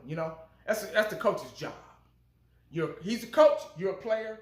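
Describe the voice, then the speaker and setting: A high-pitched, bright-toned man hosts casual fan commentary. He talks bluntly and profanely, getting fired up. The sound carries an echoey room around him. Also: animated, a little slow. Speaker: fan channel host.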